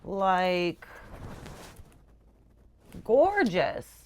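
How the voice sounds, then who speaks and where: A young woman talking casually to camera as a book reviewer, animated and gushing, swearing freely. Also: on the low side, extremely slow. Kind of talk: casual chat.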